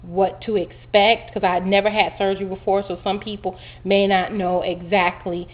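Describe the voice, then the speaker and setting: A woman casually recounting her surgery day to the camera, chatty and animated, with lots of fillers. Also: mid-range voice, moderate pace. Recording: dull lo-fi home video audio.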